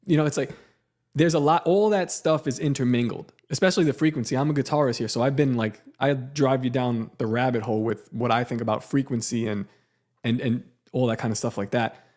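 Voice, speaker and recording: A man's voice: medium pitch, steady tone, fairly quick, a little mellow. A young man telling a story in casual podcast chat, acting out quotes and dropping in "like" and "dude". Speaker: podcast co-host.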